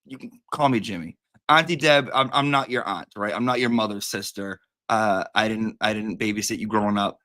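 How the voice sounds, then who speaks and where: With a voice on the low side, bright and forceful, a man talks a little fast while casually hosting a livestream. He's an adult with a daughter, rambling playfully and now and then calling his cat in a sing-song.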